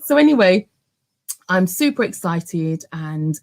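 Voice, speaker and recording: Low, gravelly woman telling her story. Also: slow. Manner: animated, many fillers and restarts. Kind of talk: personal storytelling to camera.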